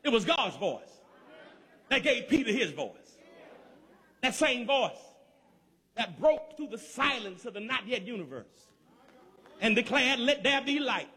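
A man from Georgia with a Southern accent preaches in a large hall, his high, lively voice often rising to a shout. He moves a little slowly and pauses often, using a rhythmic, repetitive cadence and calling out to the congregation.

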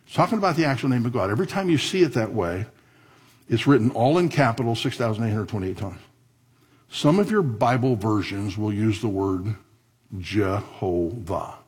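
A male pastor in mid-sermon with a slightly husky voice. He keeps asking the congregation questions, and his pitch swings widely between low, hushed explanations and sudden high, loud bursts.

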